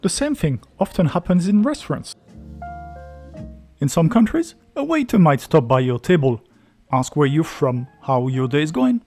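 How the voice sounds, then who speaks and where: Lively man narrating a travel guide. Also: medium pitch. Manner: lively explanatory. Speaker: travel video host. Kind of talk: scripted narration.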